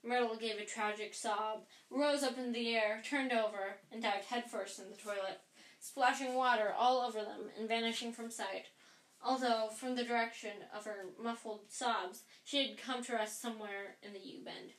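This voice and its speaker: A woman reading a children's novel aloud in a relaxed way, correcting herself now and then. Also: a little high, moderate pace. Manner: relaxed read with self-corrections. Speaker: reader. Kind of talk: audiobook narration. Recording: echoey room.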